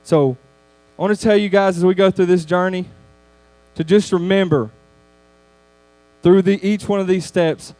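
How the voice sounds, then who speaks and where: A man giving a youth sermon lesson, in a conversational, animated storytelling manner. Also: sits high, moderate pace, pauses often, dry recording. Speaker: youth speaker.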